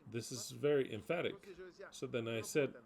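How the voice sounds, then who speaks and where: A man's voice: medium pitch, moderate pace, vocal fry, a little mellow, poor audio. A man preaching a sermon, reading scripture aloud and explaining it emphatically. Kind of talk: sermon teaching.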